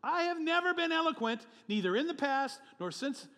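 A man voicing an anxious older man who protests that he is not fit for the task, his voice pushed high as he pleads. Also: animated, moderate pace, bright, forceful tone, in a large hall, full character voice. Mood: pleading.

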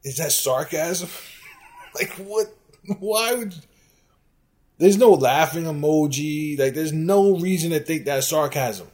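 Host, male, slightly high voice, sarcastic exasperated rant with loud bursts. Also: unhurried. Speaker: sports podcast host. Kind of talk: ranting commentary on fan comments.

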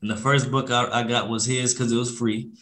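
A laid-back young man in a casual interview, talking loosely with slang and acting out phone calls. His voice sits at an ordinary middle pitch for a man. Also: level tone, fairly quick, fairly bright tone. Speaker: podcast guest, real estate investor.

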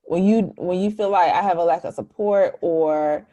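A woman with a slightly low-pitched voice hosts a casual conversation. She is warm and affirming toward her guest. She becomes animated when she acts out quotes from other people. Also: moderate pace. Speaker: podcast host.

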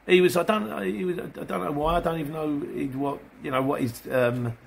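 A man's voice: fairly high pitch, fairly even intonation, fairly quick, vocal fry, a little hiss or hum. A man, a van delivery driver, chatting casually to viewers in a rambling way and acting out exchanges with customers. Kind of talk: casual vlog answering viewers.

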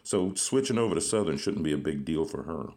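A man's voice: a bass voice, lively intonation, a little fast, a little mellow. A man hosting a podcast interview, joking and telling stories with frequent laughter. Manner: jokey storyteller, laughs often. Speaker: podcast host. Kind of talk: casual interview chat.

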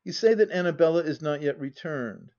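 A man playing a smooth, insinuating young gentleman who speaks quietly and measured, on a dull lo-fi audiobook recording. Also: a little high, lively intonation, lightly acted. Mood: hushed. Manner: quiet and measured, sometimes murmured.

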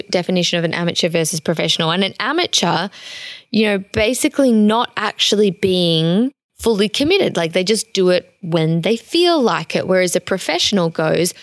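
A woman's voice: mid-range voice, no echo, clean studio sound. A woman coach giving a casual, emphatic motivational talk, chatty and often restarting her sentences. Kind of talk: motivational monologue.

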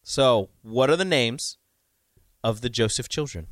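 A man's voice: medium pitch, no room sound, clean studio sound. A man hosting a radio sports talk show, joking and teasing his co-host in casual banter. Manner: joking, teasing, quick back-and-forth. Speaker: parent.

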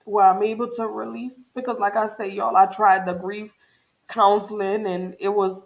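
A grieving woman talks openly and earnestly to her viewers in an emotional personal check-in, repeating phrases for emphasis. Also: mid-range voice. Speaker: vlogger.

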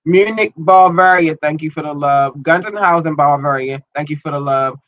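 A man hosting a podcast and online radio show, rambling casually and slangily through listener shout-outs while his eye is irritated and tearing up. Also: a little high, normal speed, no echo, dull audio. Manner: loose, rambling, slangy, repeats himself.

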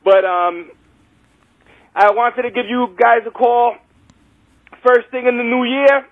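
A man's voice: extremely high pitch, steady tone, slow, no echo, phone-quality sound. A man leaving a cheerful voicemail message while sick with a cough, exuberant and laughing as he talks. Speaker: caller.

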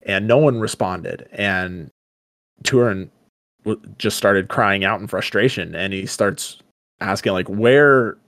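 A man with a fairly low voice co-hosts a casual podcast and retells a story in his own words. He drops into the characters' lines now and then. The sound is dry and close. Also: measured pace, fairly bright tone, no echo. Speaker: podcast co-host. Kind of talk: casual book discussion and retelling.

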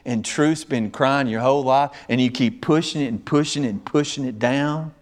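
A male pastor preaching a sermon, swinging between loud, raised passages and hushed, low ones. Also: normal speed.

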